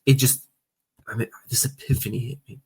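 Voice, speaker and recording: A man's voice: medium pitch, fairly even intonation, a little fast, husky. A man co-hosting a casual political podcast, ranting heatedly and swearing often. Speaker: podcast co-host.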